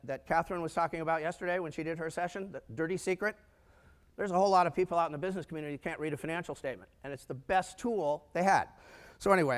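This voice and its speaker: A man telling stories in a conference talk, acting out the lines of people in his stories. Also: a little high. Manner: animated storyteller who acts out quoted dialogue. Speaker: conference speaker. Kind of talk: storytelling keynote talk. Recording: long hall reverb.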